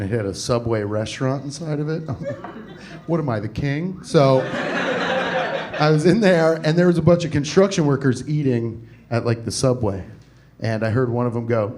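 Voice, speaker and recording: A man's voice: medium pitch, moderate pace, darkish tone. Rambling young male stand-up comic. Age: 20s. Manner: rambling, absurd, self-deprecating. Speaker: stand-up comedian. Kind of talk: live stand-up comedy. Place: comedy club stage. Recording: live club with audience laughter. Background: audience laughter.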